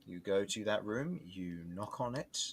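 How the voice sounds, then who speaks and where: Give me a lively man as game master narrating a tabletop campaign. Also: on the low side, measured pace, a little hiss or hum. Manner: lively, laughs often while describing scenes.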